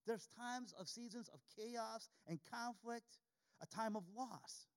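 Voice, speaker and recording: A man's voice: very high voice, unhurried, creaky. A man preaching a sermon, reading scripture aloud and repeating key lines for emphasis. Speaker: pastor.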